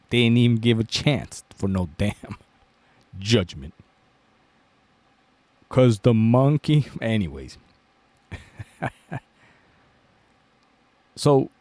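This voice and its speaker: A man hosts a commentary show and tells a moral fable to his viewers. He talks slowly in a lowish voice, swears freely and keeps tagging lines with "right?". The sound is dry and close. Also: darkish tone, no echo. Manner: profane, keeps asking 'right?' and chuckling. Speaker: commentary channel host. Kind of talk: storytelling commentary.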